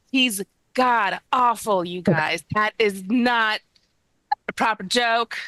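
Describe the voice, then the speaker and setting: A woman's voice: on the high side, slow, sharp tone, dry recording, poor audio. A woman hosting a live comedy show, upbeat and chatty as she thanks viewers and reads out donations. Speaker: show host. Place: comedy club.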